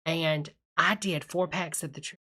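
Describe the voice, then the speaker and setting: A woman's voice: deep voice, fairly even intonation, unhurried, bright, forceful tone, slightly rough, exaggerated voice. A woman doing a tipsy church lady host. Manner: gushing, calls everyone honey, drawling asides. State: tipsy from a cocktail. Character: gushing Southern church-lady streamer, middle-aged. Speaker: livestream host reading chat. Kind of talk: live reaction stream chatter.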